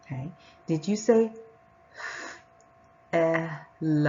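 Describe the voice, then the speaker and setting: A woman teacher giving a patient reading lesson to young children, sounding out words and reading sentences slowly and clearly. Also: lowish voice, big pitch swings, highs cut off.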